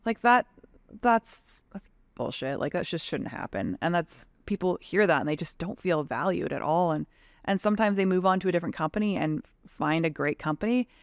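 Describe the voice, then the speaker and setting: Her voice fairly low with lively intonation and a moderate pace, a thirtysomething Canadian tradeswoman and advocacy leader chats casually as a podcast guest, frank and animated, saying "like" a lot. It's studio quality with no room sound.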